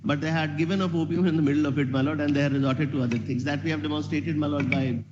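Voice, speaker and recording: Lawyer, slightly high voice, keeps saying my lord, muffled noisy court audio. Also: male voice, fairly even intonation. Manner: deferential, measured, says "my lord" constantly. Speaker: advocate arguing before a judge. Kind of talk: formal courtroom submission.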